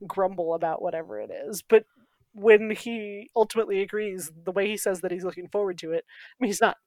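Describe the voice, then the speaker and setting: A woman's voice: mid-range voice, animated, fairly quick, a little mellow, dry recording. Laughing woman podcast co-host, dry sound. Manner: thoughtful, laughs often. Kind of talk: casual chat.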